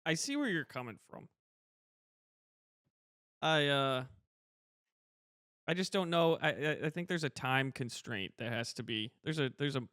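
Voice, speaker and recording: A man's voice: medium pitch, fairly bright tone, smooth, dry recording, clean studio sound. A young man co-hosting a comedy podcast, teasing his co-host in casual chat. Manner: teasing, quick to laugh.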